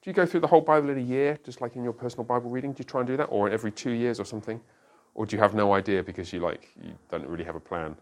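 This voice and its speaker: A man's voice: mid-range voice, racing, hardly any pauses. A middle-aged man, a pastor, teaching a church class in a conversational way and often checking that listeners follow.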